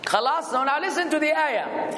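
A man's voice: extremely high pitch, expressive, normal speed, reverberant, in a large hall, a crowd in the background. A man giving a religious lesson, quizzing and joking with his students and reciting Arabic. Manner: quizzes students and jokes with them. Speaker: Islamic religious teacher.

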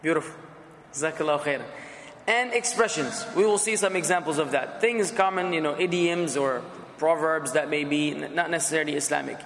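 A man's voice: a little high, brisk, fairly bright tone. Man lecturing a class in an echoey room. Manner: conversational, asks the class questions, repeats words. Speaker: instructor. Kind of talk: classroom lecture with questions to students. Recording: echoey classroom, some background noise.

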